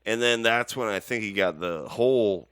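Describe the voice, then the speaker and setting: Podcast co-host, rambling, joking man with a smooth, low voice, dry close mic. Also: moderate pace, fairly bright tone, no echo. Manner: rambling, laughing, profane. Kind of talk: casual podcast chat.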